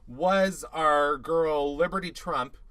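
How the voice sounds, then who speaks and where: A podcast co-host chatting casually through a show recap, sarcastic and quick to laugh. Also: mid-range voice, a bit bright, no room sound.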